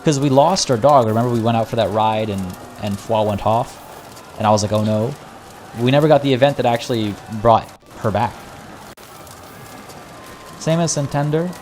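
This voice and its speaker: A man's voice: mid-range voice, fairly quick, a little mellow, a little hiss or hum. A man casually talking through a strategy game on a live stream, chatty and wry, with mock-villainous asides. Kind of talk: casual live gameplay commentary.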